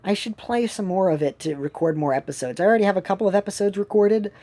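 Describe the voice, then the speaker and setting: A woman's voice: mid-range voice, animated, fast talker, warm tone. A woman giving rambling, casual commentary while streaming a mobile game from home, with many fillers and restarts.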